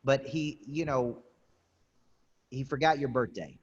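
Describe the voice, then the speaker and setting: Husky man in his forties hosting. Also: medium pitch, highs cut off. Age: 40s. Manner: measured, affirming, repeats words. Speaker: host. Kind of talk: conversational interview.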